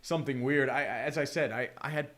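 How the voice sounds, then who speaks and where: A man's voice: mid-range voice, fast talker, a bit bright. A man streaming a football watch-along, chatting casually and profanely, with bursts of mock play-by-play calls. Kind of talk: casual live game commentary.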